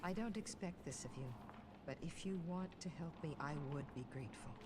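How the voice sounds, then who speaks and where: A grieving widow from a video game, voiced by a woman, pleading earnestly for help. Her voice sits a little low. Clear noise runs under the game audio. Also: brisk, close to an everyday voice. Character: grieving widow asking a hero to slay a sewer beast. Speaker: game character.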